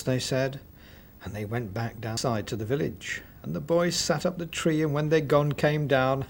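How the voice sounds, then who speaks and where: A man narrating a children's story expressively, with dramatic pauses. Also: medium pitch, creaky.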